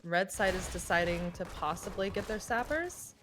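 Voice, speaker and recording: A woman's voice: medium pitch, animated, moderate pace, a bit bright, faint music behind. A woman casting a video game match live, chatty and joking between calls of the action. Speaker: esports caster. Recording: noisy online stream audio.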